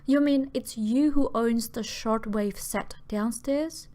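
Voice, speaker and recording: A woman's voice: on the high side, takes it slowly, warm tone. A woman voicing a weary grieving father who speaks in a restrained, clipped way. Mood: tense, guarded.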